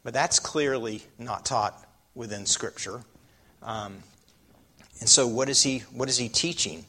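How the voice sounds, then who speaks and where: A man's voice: mid-range voice, unhurried, pushed and bright. A man preaching a sermon, often putting rhetorical questions to his listeners.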